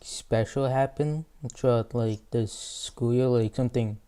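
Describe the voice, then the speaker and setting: A man's voice: mid-range voice, steady tone, measured pace, dark tone, clear, resonant tone. A teenage boy hosting a casual podcast interview, asking rambling questions full of fillers. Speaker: host.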